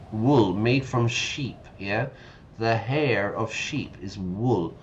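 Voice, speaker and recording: A man's voice: on the low side, muffled recording, a little hiss or hum. A man reading game text aloud and patiently explaining words to English learners, often checking in with listeners. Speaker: English teacher streaming a game.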